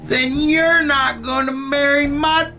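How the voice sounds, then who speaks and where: A man's voice: very high-pitched, steady tone, slow pace, bright, forceful tone, soft background music, pitched above the performer's own voice, full character voice. A man doing a blunt, stern old father. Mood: confronting. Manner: blunt, confronting, slangy.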